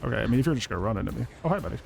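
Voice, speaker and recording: Soft music plays under this gaming YouTuber's rapid-fire, creaky voice. It's mid-range, lively in intonation and somewhat dark in tone. He jokes around during live play, talking to the on-screen players and laughing and cursing often.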